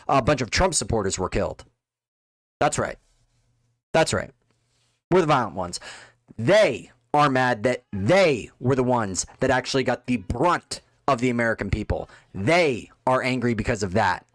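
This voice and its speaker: A man's voice: a little high, dry recording. A man delivering an angry, contemptuous political rant, full of insults. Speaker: political commentator. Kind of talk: ranting monologue.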